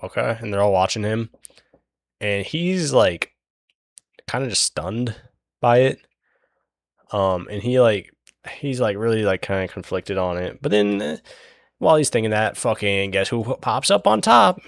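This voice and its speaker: Guy rambling thru a book recap while drawing, lots of swearing and ums, lowish voice, dry sound. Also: expressive, measured pace, creaky, long pauses, no echo. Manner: rambling, profane, lots of fillers and restarts; acts out characters' lines in his retelling. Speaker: channel host recapping a book.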